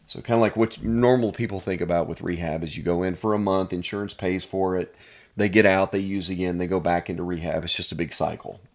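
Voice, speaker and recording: A man's voice: low voice, fairly even intonation, fairly quick. A man from Pennsylvania, a chiropractor guest, telling personal stories in an earnest, casual way. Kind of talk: casual storytelling.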